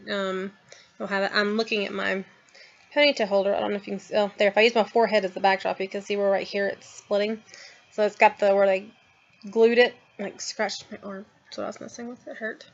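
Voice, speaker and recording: A woman's voice: medium pitch, vocal fry, a bit bright, muffled recording. A woman in her thirties chatting casually to her camera at home, rambling with lots of ums and trailing asides. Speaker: vlogger. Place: at home, in a house.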